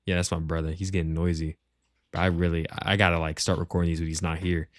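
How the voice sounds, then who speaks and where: Slangy, cursing young-sounding man, low voice. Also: level tone, quick pace. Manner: profane, rambling, slangy banter. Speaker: gaming clan leader. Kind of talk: casual tier-list commentary. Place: at home, shared with family.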